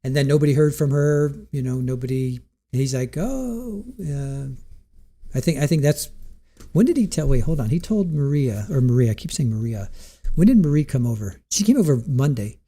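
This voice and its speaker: A man with a warm, mellow voice hosts a casual live stream, thinking aloud and restarting his sentences as he goes. He chats loosely and reads out viewer comments in a medium-pitched, easygoing tone. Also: expressive, a little fast.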